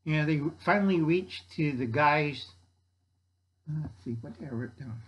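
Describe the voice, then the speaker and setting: An older man with a slightly high voice rambles through a movie plot he wrote down, stumbling over his notes. His delivery is loose and chatty, full of asides and restarts. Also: lively intonation, a little slow, breathy edge, highs cut off. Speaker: YouTube host.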